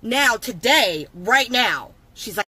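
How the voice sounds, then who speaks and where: A woman's voice: fairly high pitch, expressive, slow, sharp tone, breathy edge, low-quality recording. Profane, fed-up woman ranting. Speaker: vlogger. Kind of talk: casual venting storytime. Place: in a car.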